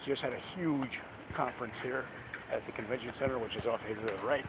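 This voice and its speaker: Heavy street noise and traffic surround this male vlogger as he talks on city streets. He's a fast talker with a mid-range voice and fairly even intonation, rambling casually with frequent fillers and chuckles.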